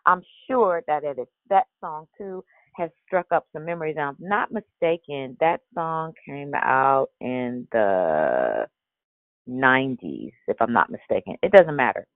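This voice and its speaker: A woman with a very deep voice and lively intonation hosts a daily prayer call at a measured pace, still in her morning voice. Her casual devotional talk is chatty and wandering, packed with restarts and fillers. The sound has no echo but is narrow and tinny.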